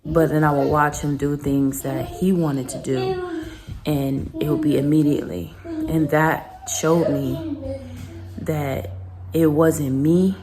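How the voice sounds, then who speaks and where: A young woman talking earnestly and reflectively in a personal vlog, pausing and restarting as she speaks. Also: low-pitched, fairly even intonation, a crowd in the background. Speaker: vlogger.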